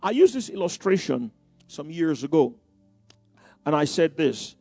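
A man's voice: on the high side, big pitch swings, a little slow, warm tone, dry recording. Middle-aged male pastor, chatty sermon delivery, faint music underneath. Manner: conversational preaching with many "you know" asides and repeated phrases. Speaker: preacher.

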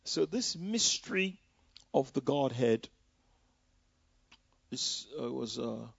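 Gravelly preacher telling his story. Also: mid-range voice, lively intonation, takes it slowly, dry recording. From Nigeria. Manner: conversational storytelling, full of "you know" asides. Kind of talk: personal testimony in a sermon. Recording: dull, dry lo-fi recording.

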